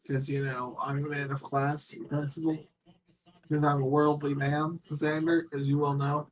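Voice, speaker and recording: A young man in casual watch-along chat with a slightly high voice. He rambles and hesitates, filling gaps with ums and uhs. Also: little pitch movement, moderate pace, low-quality recording. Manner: rambling, hesitant, lots of fillers. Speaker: co-host.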